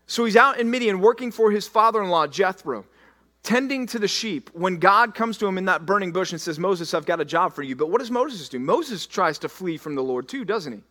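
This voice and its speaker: A male pastor with a notably high voice preaches with dramatic force. He repeats lines as he voices scripture in the first person, then drops to hushed, slow emphasis. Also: animated. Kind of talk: sermon.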